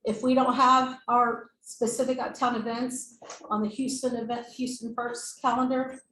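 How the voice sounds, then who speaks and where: A woman's voice: a little high, flat delivery, moderate pace, fairly bright tone. A woman giving a presentation at a board meeting, informal, with fillers and self-corrections. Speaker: staff member presenting to a board. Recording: echoey room mic, faint noise.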